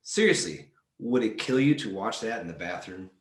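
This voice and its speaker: A man reading short comic prose aloud at a library storytime, with a dry, deadpan delivery. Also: on the low side, normal speed. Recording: roomy echo.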